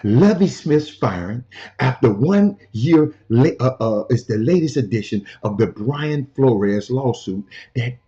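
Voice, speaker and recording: A man's voice: medium pitch, lively intonation, measured pace, dark tone. Emphatic man riffing on sports, lo-fi. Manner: emphatic, repeats himself, addresses cohost and viewers directly. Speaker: sports talk show host. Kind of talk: animated casual sports talk. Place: hotel room. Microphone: portable camera. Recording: dull lo-fi sound.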